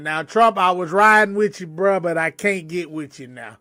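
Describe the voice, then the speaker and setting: A man with a high-pitched voice co-hosts a livestream talk show in loose, slangy banter. He jokes and vents casually with his friends. The sound is dry and close to the mic. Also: moderate pace, bright, forceful tone, no echo. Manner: laid-back, joking, slangy banter. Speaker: podcast co-host.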